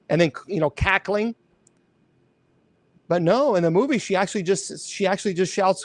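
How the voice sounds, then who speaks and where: A man hosting a show, chatting casually in a rambling, animated way, often correcting himself. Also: sits high, normal speed, no room sound. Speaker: host. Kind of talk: casual chat.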